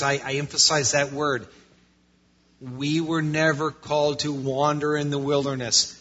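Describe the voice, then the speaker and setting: A man preaching a sermon as pastor, swinging between loud passages and quiet ones. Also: a little high. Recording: lo-fi muffled sound.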